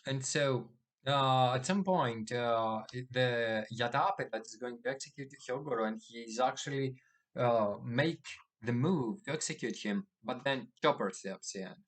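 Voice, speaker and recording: A man with a mid-pitched voice talks through a comic chapter in casual chat. He reads the characters' lines aloud in a plain voice and fills the gaps with "uh" and restarts. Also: unhurried, a bit bright. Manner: summarizes plot with many fillers and restarts, reads quotes in a plain voice. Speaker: manga chapter reviewer. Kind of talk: casual recap reading dialogue aloud.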